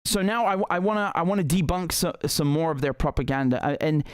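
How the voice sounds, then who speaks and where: A man's voice: fairly high pitch, fairly quick, smooth, dry recording. A man giving impassioned, indignant political commentary, sarcastic at times and repeating phrases for emphasis.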